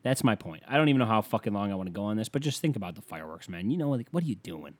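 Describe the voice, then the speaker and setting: A man's voice: lowish voice, lively intonation, racing. A man doing a rambling, profane stand-up rant, talking casually and losing his thread at times. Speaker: comedian.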